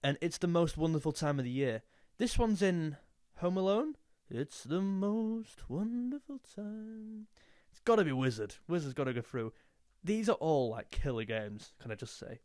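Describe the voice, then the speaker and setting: A man's voice: a little high, lively intonation, normal speed, a little mellow, no echo, studio quality. A young man chatting casually and jokily, now and then singing a snatch of a song. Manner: jokey, snatches of sung lines. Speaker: music youtuber. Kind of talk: casual chat.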